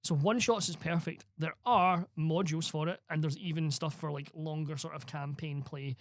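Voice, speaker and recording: A man's voice: on the high side, steady tone, moderate pace. A man co-hosting a podcast, explaining with eager enthusiasm and casual swearing. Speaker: podcast co-host. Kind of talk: casual chat.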